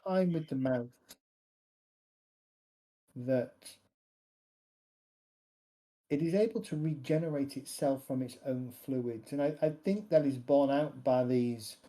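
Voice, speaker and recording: A man voicing a calm, matter-of-fact man who plans to blow up a monster, speaking flatly and without emotion. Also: mid-range voice, lightly acted, rough recording. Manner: flat, unemotional, deliberate.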